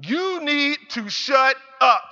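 Strict mom telling her son off, man doing her, bright sharp voice, kinda muffled. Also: very high voice, expressive, slow, full character voice. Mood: scolding. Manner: scolding, repeats commands. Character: stern scolding mother. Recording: reverberant hall, slightly dull sound.

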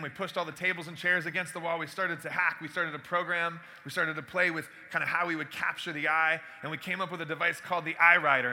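A man with a very bright, forward voice, pitched a bit high for a man. He tells his story to an audience with animated energy, acting out the conversations. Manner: animated, acts out dialogue. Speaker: speaker giving a talk.

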